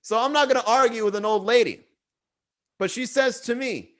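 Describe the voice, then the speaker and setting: A man's voice: very high-pitched, moderate pace, a bit bright. A young man hosting a comedy livestream podcast, talking loosely in a swearing, bro-talk storytelling way. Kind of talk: casual livestream chat. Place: Miami.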